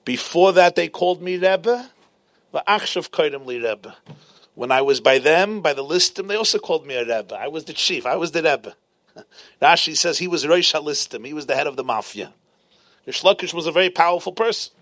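Man, Talmud teacher, emphatic repetition, lively pitch, dry close sound. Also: moderate pace, dry recording. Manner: animated storyteller, emphatic repetition. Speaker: Torah teacher. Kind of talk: Talmud lesson.

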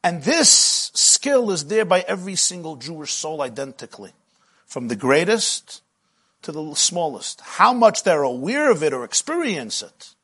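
A middle-aged man teaching a spiritual lecture with a husky, breathy voice that sits somewhat high for a man. His phrasing is rhythmic and repetitive, and he grows impassioned as he builds his points. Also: fairly bright tone. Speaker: Jewish teacher.

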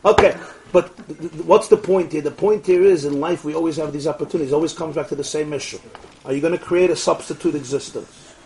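Animated man telling a story in a sermon. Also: fairly high pitch, fast, a little hiss or hum. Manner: animated, laughing, quotes dialogue. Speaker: rabbi lecturing.

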